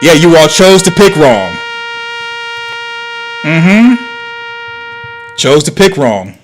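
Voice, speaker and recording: A man's voice: fairly high pitch, very animated, slow pace, music in the background. A man hosting a livestream, reacting to clips with sarcastic, lecturing commentary. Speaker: host.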